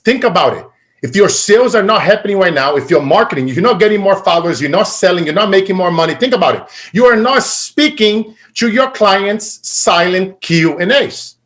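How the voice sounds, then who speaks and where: A man giving a motivational keynote talk, energetic and swinging from loud to quiet and emotional. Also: high voice, brisk. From Brazil. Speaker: keynote speaker.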